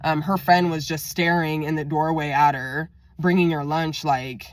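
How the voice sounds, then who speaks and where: A woman's voice: low voice, fairly even intonation, moderate pace, a little hiss or hum. A woman telling a story in a casual, venting vlog, talking to her viewers and acting out what others said in a raised voice. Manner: chatty, venting, acts out quotes in raised voice. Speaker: vlogger.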